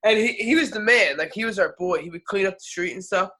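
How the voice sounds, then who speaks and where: A young man with a high, bright voice tells stories in loose, slangy podcast banter. He swears freely. He drops into quick character voices for the people he quotes. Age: young adult. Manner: animated, acts out quoted people in funny voices; laid-back slangy talk, profane. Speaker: podcast co-host. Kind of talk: casual storytelling chat.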